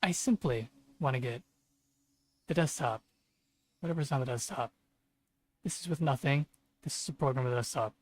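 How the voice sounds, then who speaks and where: A man livestreams his coding session and vents in a husky, mid-pitched voice. His commentary comes as frustrated rants, heavy with swearing. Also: normal speed, pauses often, dry recording. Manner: frustrated, profane ranting. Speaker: streamer programmer. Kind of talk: live coding stream commentary.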